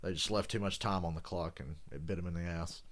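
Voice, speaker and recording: A man's voice: sits low, steady tone, fast talker, slight background noise. Chatty man reacting to a live football game. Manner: chatty, swears casually, jokes about impressions. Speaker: reaction video host.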